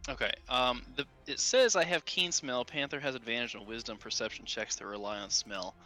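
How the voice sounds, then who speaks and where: A man's voice: medium pitch, brisk, pushed and bright, faint music behind. A man playing a tabletop game, describing his moves in a hesitant, laid-back way. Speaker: player. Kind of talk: casual game chat.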